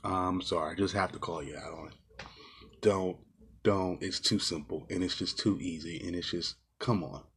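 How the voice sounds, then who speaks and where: Guy ranting in a casual movie review, kinda low and husky, lots of ums and cussing. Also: steady tone, moderate pace, fairly bright tone. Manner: ranting, exasperated, swears often; rambling with many fillers and restarts.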